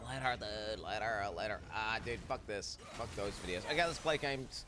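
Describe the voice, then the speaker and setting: A man's voice: lowish voice, normal speed, noisy background. A young man streaming, chatting casually and rambling with lots of swearing as he reacts to videos. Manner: profane, rambling, animated. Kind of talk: casual chat.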